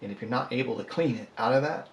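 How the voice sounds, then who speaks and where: A man's voice: medium pitch, fast, slight background noise. Rambling man in an echoey room. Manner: rambling, joking, self-deprecating. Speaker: polymer clay artist. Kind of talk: casual chat while sculpting. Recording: echoey room, faint ambience.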